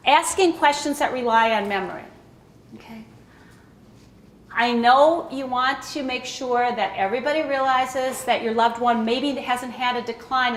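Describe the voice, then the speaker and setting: A woman's voice: a little high, fairly bright tone, echoey room, slight background noise. A woman giving an informal talk to a room of caregivers, chatty and often asking "okay?" to check in with the audience. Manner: conversational, checks in with frequent "okay?". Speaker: presenter at a caregiver education talk.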